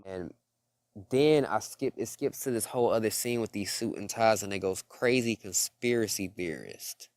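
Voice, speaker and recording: A man talks to his viewers about faith and the end times in an urgent, preachy way. His voice sits on the low side. It is recorded close and dry, with no room sound. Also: moderate pace, a little mellow, no echo. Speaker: religious video creator. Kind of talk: casual spiritual commentary.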